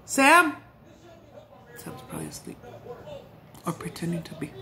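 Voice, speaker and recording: Middle-aged woman, low-ish voice, profane and giggly, casual eating vlog chat. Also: moderate pace, a loud crowd. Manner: salty, profane, giggly storytelling. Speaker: vlogger.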